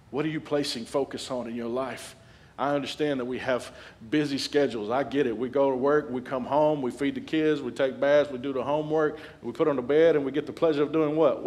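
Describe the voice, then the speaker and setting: A man in his forties preaching a sermon as a guest speaker, animated and humorous, building to loud peaks. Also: mid-range voice. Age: 40s.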